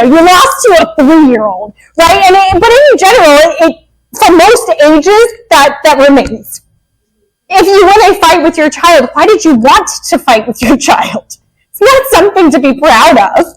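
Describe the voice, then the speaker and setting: A woman behavior analyst, herself a parent, giving a lively, joking workshop talk to parents. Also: very high voice, rough recording. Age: adult parent. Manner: lively, joking, acts out quick quotes.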